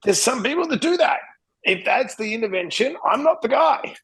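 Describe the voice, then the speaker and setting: A middle-aged man from Western Australia, an interventionist guest telling blunt, animated stories in a casual interview. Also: moderate pace, husky, no room sound, poor audio. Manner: blunt, animated, swings pitch when quoting himself.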